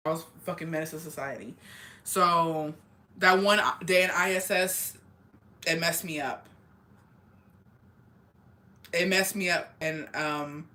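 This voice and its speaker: Young woman, bright forceful voice, casual storytelling, profane, rambling, blunt. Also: sits low. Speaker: streamer.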